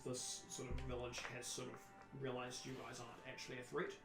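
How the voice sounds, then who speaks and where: A man from New Zealand narrating as game master, relaxed, with frequent restarts. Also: mid-range voice, fairly quick, vocal fry, reverberant, soft background music, low-quality recording.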